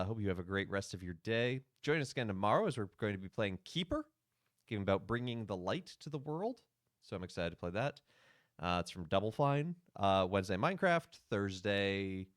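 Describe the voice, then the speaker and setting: A man's voice: sits low, clear, resonant tone, no room sound, studio quality. A priest hosting a game livestream, chatting casually with his viewers and laughing often. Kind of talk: casual livestream gaming commentary.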